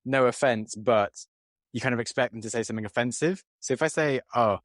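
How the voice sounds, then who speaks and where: A man's voice: medium pitch, a little fast, dry recording, studio quality. Chatty British man hosting a podcast. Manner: chatty, self-deprecating, hesitant with fillers. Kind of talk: podcast interview.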